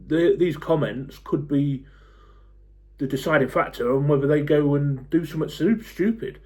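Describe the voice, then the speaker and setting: A man in his forties, talking to camera in a blunt, fed-up rant, swearing freely and pausing on lots of ums. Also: fairly high pitch, a little mellow. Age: 40s. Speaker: football fan YouTuber.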